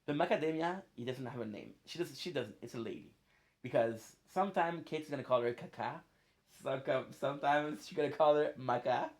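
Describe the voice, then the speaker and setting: A man's voice: mid-range voice, animated, fairly quick, darkish tone. A man streaming a game, chatting casually in a playful, rambling way. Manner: playful, rambling, laughs often. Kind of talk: casual chat while gaming.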